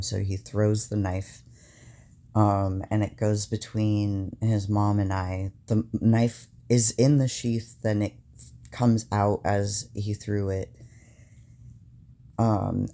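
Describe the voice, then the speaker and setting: A young man recounting a stressful personal event in a halting, casual way, with many fillers. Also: fairly low pitch, vocal fry, dark tone.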